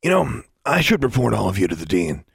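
A man's voice: fairly low pitch, sing-song, brisk, creaky, breathy edge, dry recording, clean studio sound, voice pushed up, exaggerated voice. A man voicing a stern, folksy grown man who scolds students in an audiobook. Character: gruff stern grown man, school groundskeeper.

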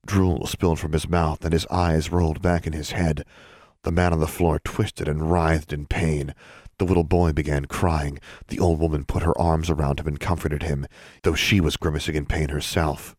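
Deep-voiced male audiobook narrator. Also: flat delivery, normal speed, a little mellow, dry recording, studio quality. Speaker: podcast narrator.

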